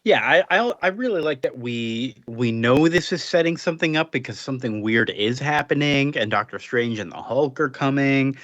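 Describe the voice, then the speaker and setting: A man's voice: medium pitch, lively intonation, moderate pace, hardly any pauses, a bit bright, no room sound. A man co-hosting a casual comics podcast, recapping the plot loosely with lots of fillers. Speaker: podcast co-host.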